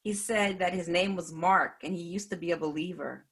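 A woman earnestly recounting a personal faith testimony in a measured way. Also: on the low side, a bit bright, slightly rough. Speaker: speaker giving a faith testimony.

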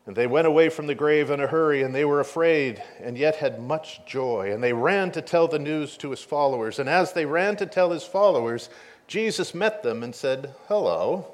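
Man preaching with animated storytelling. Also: a little high, moderate pace. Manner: animated storytelling, swinging between hushed and loud. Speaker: pastor. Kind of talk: sermon with scripture reading.

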